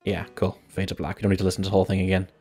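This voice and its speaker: A man's voice: low-pitched, monotone, racing, dark tone, soft background music. A man streaming a game live, making crude, self-mocking jokes as he plays. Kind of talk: live game playthrough commentary.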